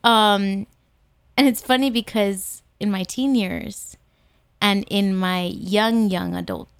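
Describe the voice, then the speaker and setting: A woman's voice: medium pitch, smooth, no echo. A young adult woman co-hosting a church podcast, chatting casually and reacting expressively. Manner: expressive, quick to react, playful. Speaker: podcast co-host. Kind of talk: casual chat.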